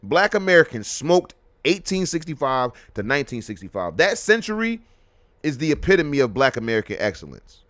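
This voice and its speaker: A man hosting a live podcast, delivering a heated, profane, repetitive rant that swings from loud outbursts to low muttering. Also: very animated, brisk, dry recording. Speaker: podcast host.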